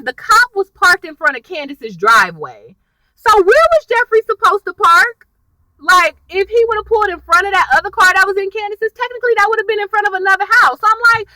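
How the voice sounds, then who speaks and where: A young woman chatting casually as she recaps a TV episode, full of slang, who acts out the characters' lines in quick exaggerated voices. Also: extremely high pitch, dry recording, far from the mic, poor audio. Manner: chatty and animated, lots of slang and y'all. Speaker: TV recap vlogger.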